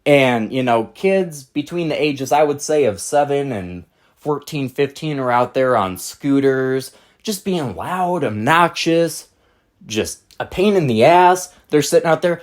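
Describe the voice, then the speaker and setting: A man's voice: a little high, lively intonation, a little slow. A man hosting his channel, delivering an exasperated, blunt monologue to camera in casual slang. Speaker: channel host.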